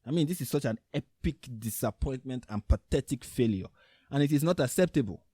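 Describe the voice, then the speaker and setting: A man's voice: mid-range voice, lively intonation, a little fast, dark tone, slightly rough, no echo, clean studio sound. A Nigerian man with a Nigerian accent hosting a reaction video, commenting on clips in a sarcastic, mocking way.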